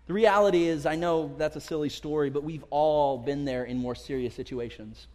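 A pastor in his thirties, his voice slightly high, mellow, and moderately paced, preaches a sermon to his congregation in a church sanctuary. He speaks casually and acts out quotes with building emphasis, and a long hall reverb fills the recording.

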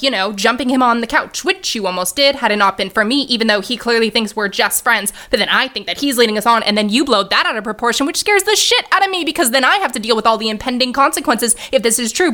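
A young woman in a comedy sketch, playing her own dry, bossy, logical side in a deadpan way. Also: fairly high pitch. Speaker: comedic performer.

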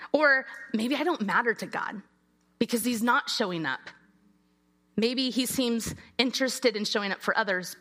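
Bright-voiced American woman preaching. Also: a little high. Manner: lively, conversational, with dramatic quoted asides. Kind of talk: sermon. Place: church.

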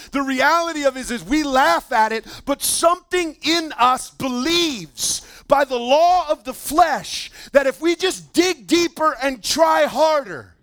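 A man preaching a sermon as pastor in a church, animated, swinging from loud emphasis to quiet asides. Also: extremely high pitch, no room sound.

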